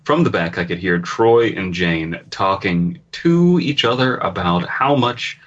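A man's voice: low voice, animated, measured pace, a bit bright. A man co-hosting a comedy podcast, reading a story aloud with crude, sardonic asides. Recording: dull lo-fi recording.

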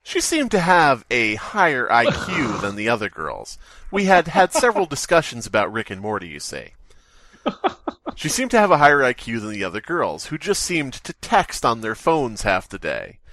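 A man in a comedic reading who reads with animated, theatrical flair. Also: medium pitch, moderate pace.

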